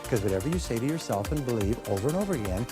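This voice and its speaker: A man giving a motivational seminar talk to a live audience, animated and energetic, now and then acting out quoted voices. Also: mid-range voice, very fast, over music. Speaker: motivational speaker.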